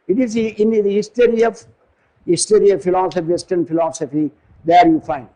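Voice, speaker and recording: An older man from India with an Indian English accent gives a philosophy lecture, digressive and halting, often pausing to search for words. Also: high voice, fairly even intonation, mellow, rough recording.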